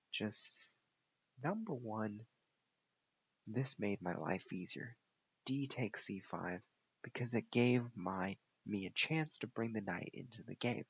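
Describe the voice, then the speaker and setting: A man's voice: lowish voice, a bit bright, husky, highs cut off. A man reviewing one of his chess games, explaining the moves step by step. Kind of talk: chess game analysis.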